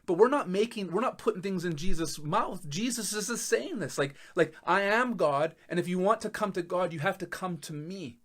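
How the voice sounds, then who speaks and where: A man preaching a sermon as pastor, emphatic, laughing in disbelief and swinging between loud and soft. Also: high voice, lively intonation, normal speed, hardly any pauses. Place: church.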